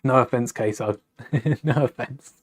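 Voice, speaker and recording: Hosting a casual live stream, a young man chats and thinks aloud as he builds, often correcting himself mid-sentence. His voice is mid-range and unhurried.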